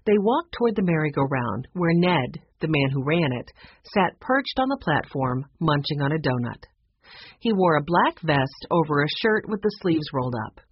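An audiobook reader narrating a children's chapter book in an expressive, storytelling manner. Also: medium pitch, moderate pace, slight background noise. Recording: muffled lo-fi audiobook recording.

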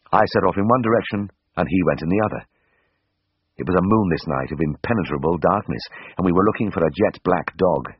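A man reading a first-person story aloud in a measured, dryly expressive way, in a slightly dull recording. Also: sits low, slightly rough, no echo. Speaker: audiobook narrator.

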